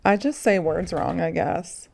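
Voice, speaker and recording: Gravelly woman with a Delco accent. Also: on the low side, measured pace, darkish tone. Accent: Delaware County Philadelphia. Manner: teasing, quizzing her co-host. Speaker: podcast co-host. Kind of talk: casual podcast chat.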